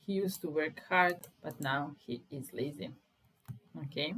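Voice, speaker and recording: A woman with a Serbian accent teaching English grammar, patiently stressing example sentences slowly. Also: low voice, fairly bright tone, slightly rough, rough recording.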